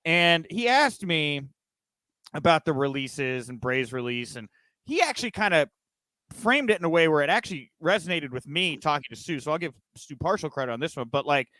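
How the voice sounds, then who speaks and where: A man holds forth on a news podcast in a fairly high voice, fired up and emphatic. The sound is close and dry, with no room around it. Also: moderate pace, dry recording. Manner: emphatic, animated ranting. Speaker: podcast co-host. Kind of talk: casual news chat.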